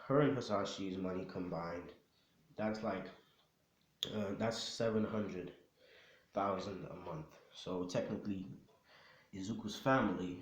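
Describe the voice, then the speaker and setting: A man's voice: low voice, slight background noise. Rambling young man in an echoey room. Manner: rambling, slangy, full of fillers. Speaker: storyteller. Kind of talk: casual fan-fiction storytelling.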